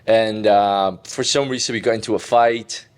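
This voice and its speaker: Animated young man. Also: lowish voice, normal speed, smooth. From Colombia. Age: 20s. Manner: animated, laughing, lots of "like" fillers. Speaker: podcast guest. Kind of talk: casual interview storytelling.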